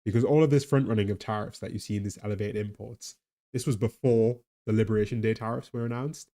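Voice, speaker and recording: A man's voice: fairly low pitch, fairly even intonation, quick pace, mellow. A tired man with a weak Geordie accent, chatting casually on a live stream, rambling and laughing about the economy. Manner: laughing, rambling, talks to chat and a pet.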